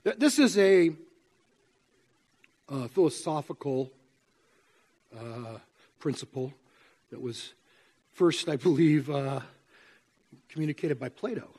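Man, pastor, high-pitched voice, conversational sermon, asks the congregation questions, church sanctuary. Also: expressive, slow pace, long pauses, a little mellow.

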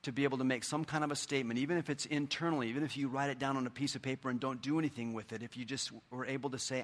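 Middle-aged male pastor, earnest conversational sermon, mid-range voice, quiet asides. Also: medium pitch, fairly even intonation, very fast, few pauses.

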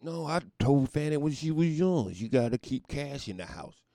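A man's voice: fairly high pitch, expressive, normal speed, dark tone, no room sound, studio quality, voice pushed up. A man voicing an older father sheepishly excusing his grown daughter.

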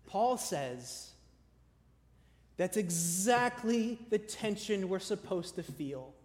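A male pastor preaching a sermon with emphatic repeated lists, dropping to a soft conversational tone when he tells stories. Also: sits high, animated, takes it slowly. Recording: long hall reverb.

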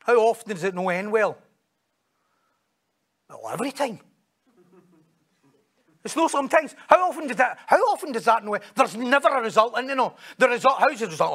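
Preaching to his congregation with brisk energy and frequent pauses, a Scottish man uses a high, gravelly voice in a lively sermon. Along the way he shares stories, jokes, and performs the voices of those he quotes.

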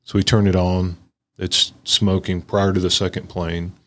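A man's voice: low-pitched, flat delivery, measured pace, fairly bright tone. A man hosting a podcast, telling his own story in a plainspoken, blunt way with casual slang. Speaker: podcast host. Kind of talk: casual conversation.

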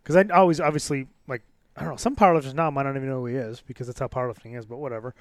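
A man's voice: mid-range voice, fairly even intonation, racing, no echo, studio quality. A man hosting a podcast in casual, profane, rambling chat. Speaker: podcast host.

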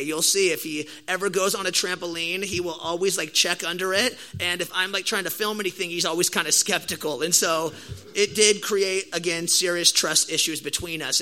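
A young man preaching a sermon in a high, very bright voice. He tells a story the casual way, heavy on slang and full of energy, then leans into the message. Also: low-quality recording. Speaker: pastor.

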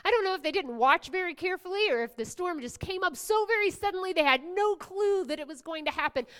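A woman pastor preaching a sermon, swinging from hushed whispers to loud exclamations, with playful asides to the congregation. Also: very high-pitched, lively intonation, fast.

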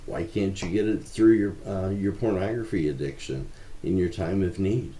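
Male ministry founder as interview guest: low voice, mellow tone, earnest and measured, recorded with an echo of the room. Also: slight background noise. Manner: earnest, measured, with frequent fillers. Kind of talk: conversational interview answers. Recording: roomy echo.

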